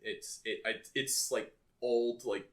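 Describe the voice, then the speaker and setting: A man's voice: mid-range voice, fairly even intonation, takes it slowly. Young male podcast co-host, bookish, rambles with many restarts. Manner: reads poetry aloud. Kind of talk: casual chat.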